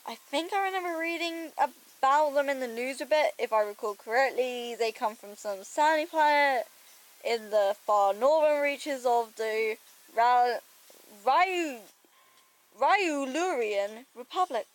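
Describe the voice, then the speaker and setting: High-voiced woman reading her story. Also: a little slow. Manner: self-deprecating, chatty asides, sore throat. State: sore throat. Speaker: amateur audiobook reader. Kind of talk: reading her own story aloud, with asides.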